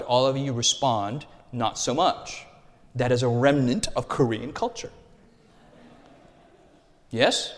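A young American man preaching a sermon with animated rhetorical contrasts and call-and-response. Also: medium pitch. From United States. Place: church hall. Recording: reverberant hall.

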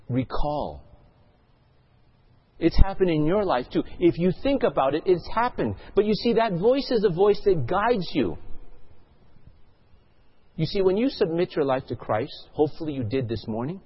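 A man's voice: fairly high pitch, expressive, normal speed, long pauses, breathy edge, highs cut off. A male pastor delivering a sermon, telling a story and asking the congregation questions.

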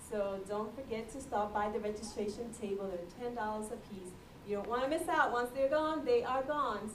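A woman making chatty, joking announcements at a gathering in a large hall. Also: fairly high pitch. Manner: chatty, joking, slow and deliberate. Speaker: event announcer. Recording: echoey hall from far off, faint noise.

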